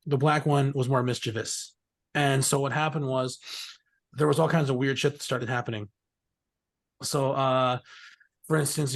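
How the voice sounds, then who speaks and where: Rambling, cussing man telling stories. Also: mid-range voice. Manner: rambling, profane, laughs often. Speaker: interview guest, musician. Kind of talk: casual storytelling.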